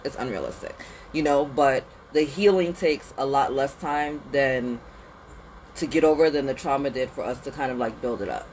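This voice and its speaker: A woman hosting a casual spiritual pep talk outdoors in the cold, animated and slangy, sniffly with a runny nose. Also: very deep voice, normal speed, slight background noise, low-quality recording. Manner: animated, slangy and conversational, with lots of "like" and "you know". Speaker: spiritual reader and channel host.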